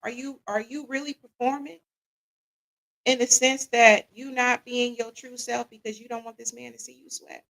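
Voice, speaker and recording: A woman hosts a live stream, regularly checking in with her audience and reacting to what they post. Her slightly high voice is bright and forceful with a gravelly fry, and she talks at a moderate pace in a relaxed, casual way, asking "what y'all think," reading comments aloud and laughing along. The recording is low quality.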